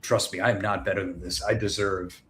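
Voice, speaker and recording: A man's voice: deep voice, level tone, fairly quick, fairly bright tone, a little hiss or hum. A man co-hosting a podcast, talking in a rambling, filler-heavy way during a casual chat. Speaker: podcast co-host.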